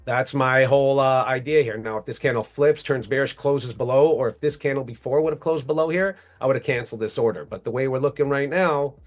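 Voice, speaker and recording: A man's voice: mid-range voice, lo-fi sound. Chill guy hosting a trading stream, explains his chart setups, faint music in the back. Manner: upbeat, explains trades step by step, quick agreeing. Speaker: livestream host trader. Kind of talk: casual livestream chat.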